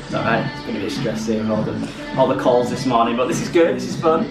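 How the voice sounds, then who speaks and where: A young man chatting casually in a vlog, bubbly and jokey, laughing often and jumping up into high squeals. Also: quick pace, loud music behind the voice. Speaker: vlogger.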